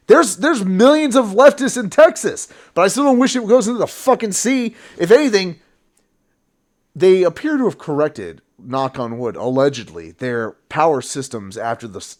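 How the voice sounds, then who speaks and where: A man on a political reaction stream, ranting with heated, profane commentary. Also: high voice.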